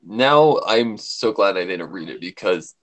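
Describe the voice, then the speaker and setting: A man's voice: low-pitched, lively intonation, unhurried. A man chatting casually on a livestream, a voice actor who jumps between voices to demonstrate them.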